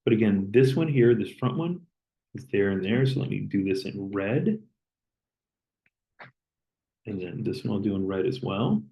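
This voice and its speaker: A man lecturing, explaining step by step as he draws and pausing on an occasional "okay". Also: lowish voice, lively intonation, gravelly, muffled recording. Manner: plain, step-by-step explaining with okays. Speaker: chemistry lecturer. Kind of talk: recorded lecture while drawing.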